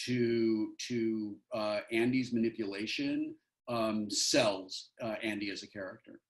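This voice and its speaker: A man being interviewed as an actor over a video call, talking in a thoughtful, earnest way and explaining at length. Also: mid-range voice. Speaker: actor as guest. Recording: roomy echo.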